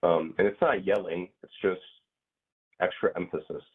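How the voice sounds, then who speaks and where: A man's voice: low-pitched, steady tone, moderate pace, slightly rough. A man teaching a grammar class in a casual way, hesitant and full of fillers and restarts. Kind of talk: casual online class explanation. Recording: tinny phone-like line.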